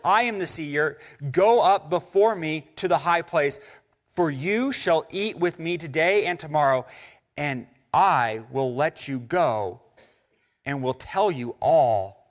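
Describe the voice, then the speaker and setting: A man's voice: fairly high pitch, animated, slow, long reverb tail. A male pastor preaching a sermon, reading scripture and acting out biblical characters in casual, chatty voices. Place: church sanctuary.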